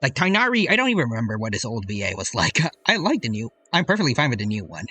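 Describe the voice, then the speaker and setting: A man's voice: mid-range voice, huge pitch swings, fast talker, pushed and bright, slightly rough. Casual male game streamer. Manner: casual, rambling, joking. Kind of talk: live game commentary. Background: game music.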